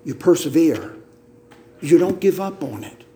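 A male pastor preaching a sermon, emphatic and deliberate, often repeating words as he teaches. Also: fairly high pitch, sing-song, warm tone. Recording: roomy echo.

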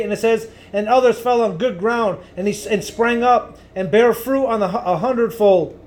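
A man preaching a sermon in a loud, emphatic way, swinging between booming lines and hushed ones.

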